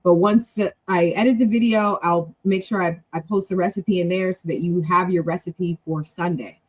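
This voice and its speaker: This middle-aged woman, a show host and club leader, talks fast and animatedly on a casual live stream. Her chatty delivery swings widely in pitch and loudness, and she corrects herself as she goes.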